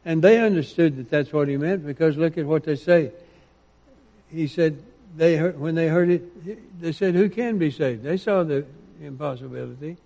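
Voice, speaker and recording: A man preaching a sermon, quoting scripture with rising emphasis and dropping into quiet asides. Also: a little high, normal speed, vocal fry, big-room sound.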